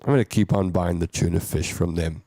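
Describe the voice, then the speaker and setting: A man's voice: sits low, steady tone, a little fast, warm tone, breathy edge, dry recording, clean studio sound. A man with a South African accent hosting a show, casually chatting and joking as he reads out viewer comments. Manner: chatty, jokey, reads comments aloud and riffs on them. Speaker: host.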